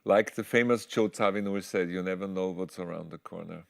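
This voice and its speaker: A man's voice: sits low, a little fast, vocal fry. A man, a German speaker, hosting a talk show and courteously closing the interview. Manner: formal, courteous thanks. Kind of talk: interview sign-off.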